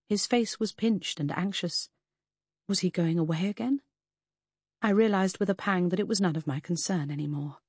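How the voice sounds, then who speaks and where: A woman reading a first-person audiobook in an expressive, lively storytelling manner, voicing the characters. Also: on the low side, normal speed, husky, no room sound, studio quality. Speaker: audiobook narrator.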